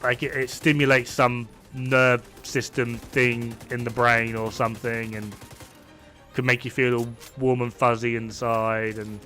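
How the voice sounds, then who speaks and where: A man's voice: mid-range voice, level tone, unhurried, bright, forceful tone, soft background music. A man chatting casually while he plays a game, rambling and laughing often. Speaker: gaming streamer. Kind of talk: casual chat while gaming.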